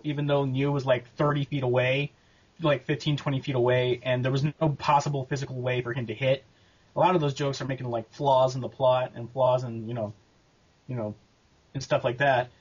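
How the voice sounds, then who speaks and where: A man answering interview questions about making his abridged series, talking casually and haltingly with lots of fillers and restarts. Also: medium pitch, breathy edge, highs cut off. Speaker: abridged series creator and voice actor.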